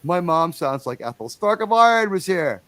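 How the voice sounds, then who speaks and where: A man's voice: high voice, very animated, normal speed, fairly bright tone, no echo. A man hosting a casual livestream, rambling and chatty, with enthusiastic, profane asides. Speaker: livestream host.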